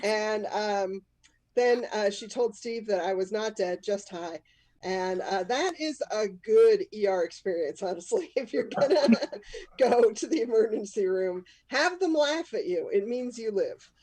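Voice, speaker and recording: A woman's voice: mid-range voice, lively intonation, a little slow, a little mellow, dry recording. A woman comic hosting a live storytelling show, telling a self-mocking story in a casual, rambling way. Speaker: comic and host.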